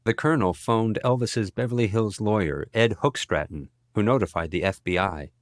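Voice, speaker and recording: A man narrating an audiobook in an even, measured reading style. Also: on the low side, no echo, studio quality. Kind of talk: scripted narration.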